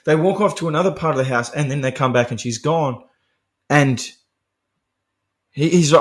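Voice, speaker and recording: A man's voice: on the high side, steady tone, moderate pace, long pauses. A man hosting a podcast, casually recapping a film in a profane, laughing, rambling monologue. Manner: chatty and profane, laughing often; digressive, full of fillers and restarts. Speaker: podcast host.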